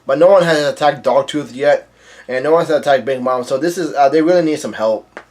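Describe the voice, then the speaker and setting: A man's voice: medium pitch, brisk, a little mellow, a little hiss or hum. A man reading a comic chapter aloud with casual commentary, reading the dialogue in a plain, offhand voice. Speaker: manga chapter reader.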